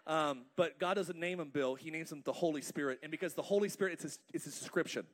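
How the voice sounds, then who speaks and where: A male pastor preaching a lively, joking sermon in church and calling the congregation to respond. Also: on the high side, quick pace. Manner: playful, asks the congregation to respond.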